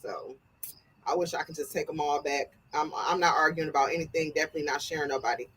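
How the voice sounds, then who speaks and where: Woman podcast co-host, AAVE, loud and laughing, bright husky voice. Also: low voice, quick pace, rough recording. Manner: loud, laughs often, animated. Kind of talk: casual chat.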